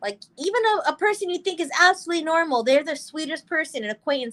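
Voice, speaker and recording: A woman co-host with a somewhat high voice who speaks earnestly on serious topics. She rambles through fillers and restarts as she works out her point. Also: fast, fairly bright tone. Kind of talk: casual chat.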